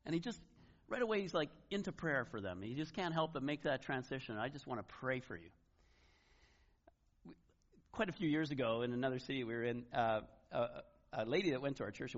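A man's voice: mid-range voice, highs cut off. A middle-aged man preaching a sermon in a loose, conversational way, acting out little asides as he tells stories. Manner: conversational, animated retelling with acted asides. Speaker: pastor.

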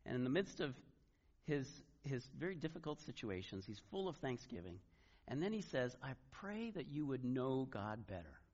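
A man's voice: mid-range voice, moderate pace, highs cut off. A middle-aged man preaching a sermon in a loose, conversational way, acting out little asides as he tells stories. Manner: conversational, animated retelling with acted asides. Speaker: pastor.

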